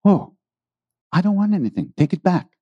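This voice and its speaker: An older guru, as a storyteller puts him on, pitched well above his normal voice, playing innocent and pretending to be cranky. The sound is dull and muffled. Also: animated, moderate pace, warm tone, breathy edge, dry recording. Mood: mock innocent. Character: older Indian male guru, mock-cranky and playful.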